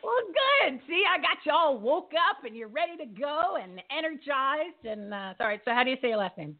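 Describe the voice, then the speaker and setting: A fiery, folksy woman hosts a live show over a video call. Her voice sits fairly high and comes through a thin, phone-like line. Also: animated, fairly quick. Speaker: host. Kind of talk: live talk show hosting. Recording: phone-like narrow audio.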